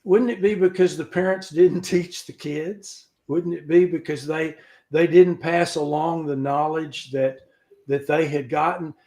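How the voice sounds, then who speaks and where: Man, fairly high voice, informal scripture teaching, folksy joking asides, halting restarts, video call. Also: steady tone, mellow. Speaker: Bible study teacher.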